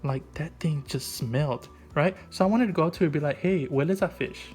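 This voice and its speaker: A man's voice: fairly high pitch, brisk, over loud music. A man doing an improvised comic voice-over, rambling and goofy, packing his talk with "like" and "right?". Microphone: voice-over mic.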